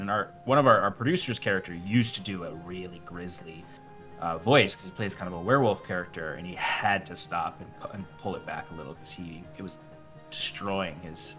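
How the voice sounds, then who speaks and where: Bright-voiced man, amused and laughing. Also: sits low, a little fast, faint music behind. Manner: amused, laughs while talking. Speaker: guest streamer. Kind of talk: casual roundtable chat.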